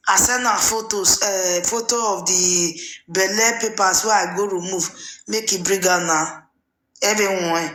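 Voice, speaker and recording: A woman's voice: mid-range voice, normal speed, fairly bright tone. A woman with a Nigerian Pidgin accent hosting a casual call-in chat, teasing and mocking her caller with laughs and sing-song remarks. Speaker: host. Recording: echoey room with faint noise.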